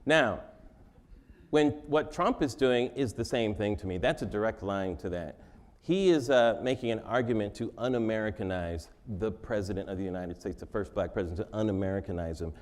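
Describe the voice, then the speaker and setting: A man's voice: on the low side, normal speed. A man answering interview questions in a joking, conversational way, laughing often. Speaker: interview guest.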